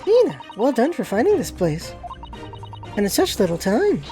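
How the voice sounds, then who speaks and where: Woman voicing a gruff police inspector, brisk, curt, mellow. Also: a little high, huge pitch swings, faint music behind.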